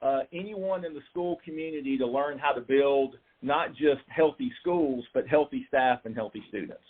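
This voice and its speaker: A man from southern Maine, a guest explaining his program in a steady, explanatory way with some fillers. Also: mid-range voice, moderate pace, breathy edge. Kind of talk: explaining in an interview. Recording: tinny phone-like line.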